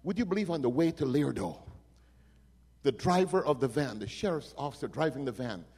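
A man preaching a sermon, telling stories dramatically and swinging from hushed lines to loud ones. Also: medium pitch, lively intonation, a little fast, breathy edge. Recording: long reverb of a hall.

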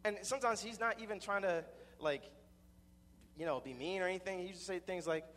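A man's voice: sits high, brisk, fairly bright tone, big-room sound. Rambling young man telling a story. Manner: rambling, with many repeated restarts. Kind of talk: personal storytelling.

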